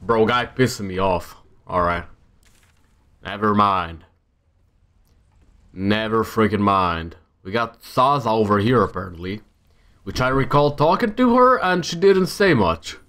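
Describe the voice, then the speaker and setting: A man's voice: lowish voice, expressive, measured pace, pauses often, a bit bright. A young man casually commenting on his own gameplay, talking to himself with exasperated outbursts. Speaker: gamer. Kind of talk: let's-play commentary.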